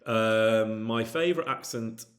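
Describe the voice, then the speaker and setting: Low-voiced man with a light Midlands accent. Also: unhurried. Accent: light Midlands English. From England. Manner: rambling and candid, many ums and restarts. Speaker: actor streaming with chat. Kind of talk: casual chat answering viewer questions.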